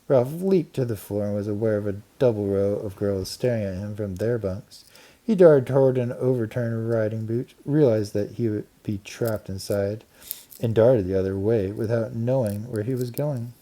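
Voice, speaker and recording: Man reading a storybook with dark, mellow tone. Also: lowish voice, moderate pace. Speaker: audiobook narrator. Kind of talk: scripted storybook narration.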